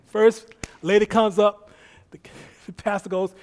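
A man preaching, telling a story in an animated way, acting out the people he quotes and laughing often. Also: high voice, takes it slowly, pauses often. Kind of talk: sermon storytelling.

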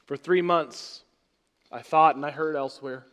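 A man preaching a sermon as pastor, swinging between loud emphatic phrases and soft, trailing words. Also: on the high side, steady tone, measured pace.

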